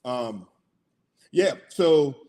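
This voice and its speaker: A man's voice: medium pitch, animated, extremely slow, mellow. A middle-aged man hosting a casual sports talk show, chatty and hyped, laughing often.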